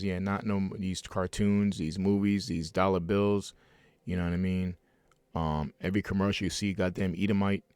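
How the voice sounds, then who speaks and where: A man's voice: low-pitched, darkish tone, dry recording. A man preaching a heated, rambling sermon at home, reading scripture and breaking off into fiery asides with many restarts.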